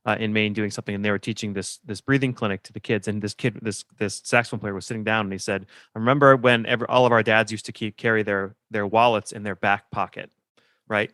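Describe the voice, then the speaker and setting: Casting note: a relaxed male co-host with a lower voice, dry close sound, chatting with a guest. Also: no echo. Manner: relaxed, conversational, asks questions and tells anecdotes. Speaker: podcast co-host. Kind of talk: casual podcast conversation.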